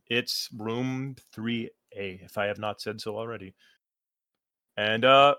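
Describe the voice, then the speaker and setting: A man narrating as game master in a tabletop game, relaxed and halting, with fillers. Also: mid-range voice, no echo, studio quality.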